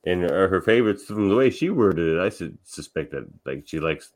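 A man's voice: sits low, lively intonation, fairly quick. A man hosting a podcast in casual chat, easygoing, often trailing off mid-sentence as he lays out his theories. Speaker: podcast host.

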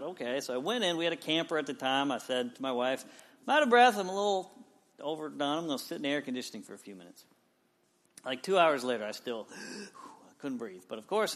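Animated man preaching a storytelling sermon. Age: 40s. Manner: storytelling with wide swings in pitch and loudness. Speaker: pastor.

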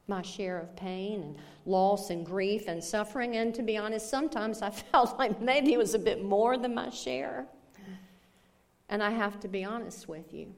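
A woman pastor preaching a sermon, telling a story in a slow, deliberate way. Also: mid-range voice, a little mellow.

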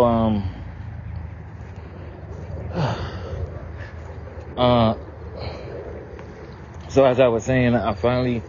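A man's voice: mid-range voice, darkish tone, dull audio, a little hiss or hum. A man on a pier by the water, teary and close to crying as he talks to a spirit in a profane, emotional prayer. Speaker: vlogger leading a prayer. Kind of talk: emotional outdoor prayer vlog.

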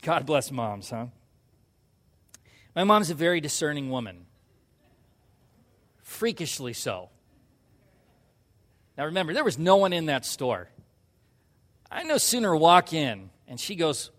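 A man preaching a sermon, telling a personal story and acting out quoted lines in a hushed voice before pushing to loud emphasis. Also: on the high side, very animated, unhurried, long pauses, long reverb tail. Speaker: pastor.

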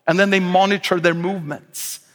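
A middle-aged man from Sweden with a Swedish accent, preaching a lively sermon with joking asides and frequent restarts. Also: high voice, fairly quick. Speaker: guest pastor. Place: large church auditorium. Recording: live sermon with long hall reverb.

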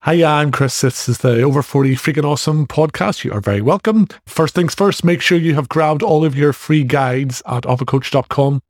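A man's voice: a little high, normal speed, few pauses, no room sound, clean studio sound, faint music behind. A man in his forties with a Northern Irish accent, hosting a solo fitness podcast in a casual, direct way with jokey asides. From Northern Ireland. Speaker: podcast host and fitness coach.

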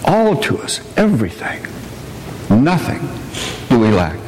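Speaking at a measured pace, a man with a medium-pitched voice swings hugely in pitch. He is a preacher and missionary sharing folksy stories in a plainspoken sermon, turning warmly to his congregation in the church sanctuary. Expect long reverb and faint background noise.

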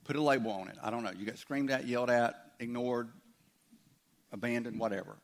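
A man's voice: mid-range voice, brisk. A man preaching a conversational sermon as a pastor, voicing imagined objections from his listeners.

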